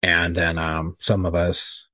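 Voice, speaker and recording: A man's voice: low-pitched, completely flat delivery, slow, bright, forceful tone, no room sound. A man co-hosting a podcast, telling stories in casual chat with heated, profane talk. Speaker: podcast co-host.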